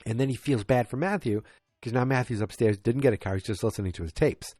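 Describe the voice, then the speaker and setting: A man's voice: mid-range voice, fast talker, darkish tone, no echo, clean studio sound, faint music behind. A man hosting a podcast, casually recapping an episode in a tired, rambling way, full of fillers and restarts. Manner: acts out quoted lines in a raised voice. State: tired, yawning. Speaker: podcast host.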